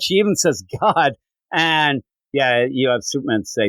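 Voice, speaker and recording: A man co-hosting a podcast, excitedly recapping a comic book scene in casual chat. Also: mid-range voice, normal speed, dry recording, poor audio. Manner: excited, animated recapping with quoted lines. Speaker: podcast co-host.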